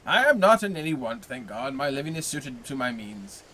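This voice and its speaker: A man's voice: medium pitch, very animated, normal speed, bright, forceful tone. A man reading aloud, voicing a grizzled, worldly male tailor neighbor who talks in a hearty, overly familiar way.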